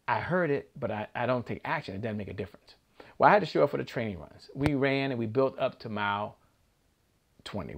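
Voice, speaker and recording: A man's voice: medium pitch, vocal fry. A man hosting a motivational broadcast, telling a story and chanting affirmations to rouse his listeners. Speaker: show host.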